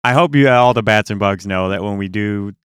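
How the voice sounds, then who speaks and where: A man co-hosting a casual podcast chat, explaining things calmly, with his voice often trailing off quietly. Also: lowish voice, a little fast, smooth, no room sound, studio quality. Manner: explains things in a calm, trailing voice, then laughs easily at jokes. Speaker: podcast co-host.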